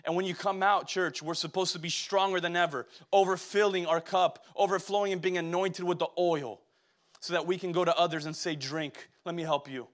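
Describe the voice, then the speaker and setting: A man's voice: high-pitched, fairly even intonation, fairly quick. A young man preaching a sermon, exhorting the church directly and asking call-and-response questions.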